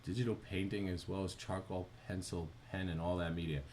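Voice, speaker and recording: A man's voice: deep voice, steady tone, a little fast, a little mellow, a little hiss or hum. A man with a New Jersey accent, chatting casually on a live stream while he animates, thinking aloud and answering viewers.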